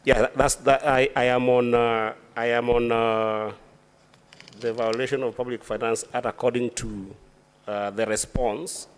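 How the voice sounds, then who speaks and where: Questioning a witness at a formal impeachment hearing, a senator speaks with deliberate, legalistic care and keeps restarting his sentences. His mid-range voice is clear and resonant, though his delivery stays flat.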